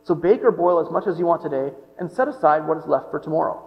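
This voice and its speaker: A pastor with a fairly high, creaky voice speaks fast and expressively, reading scripture aloud and then commenting on it in a casual, joking aside tone. The recording is muffled, with long hall reverb and mains hum.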